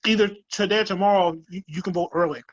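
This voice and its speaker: A man's voice: high voice, fast talker, dry recording. A man co-hosting a podcast in casual, profane, joking chat, laid-back and teasing, on muffled remote call audio. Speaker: podcast co-host.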